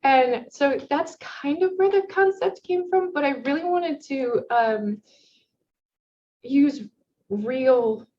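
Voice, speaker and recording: A woman's voice: sits high, lively intonation, slow pace, mellow. Give me a friendly young woman rambling about her game, faint hiss behind her. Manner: friendly, rambling, many ums. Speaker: solo game developer. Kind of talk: casual interview chat. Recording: dull lo-fi mic with faint noise.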